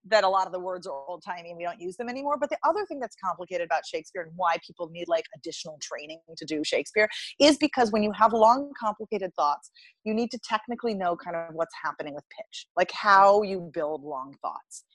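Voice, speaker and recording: A woman's voice: on the low side, animated, fast, dry recording, rough recording. An American woman being interviewed as a dialect coach, explaining in a chatty way with many fillers and restarts. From United States. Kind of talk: conversational podcast interview.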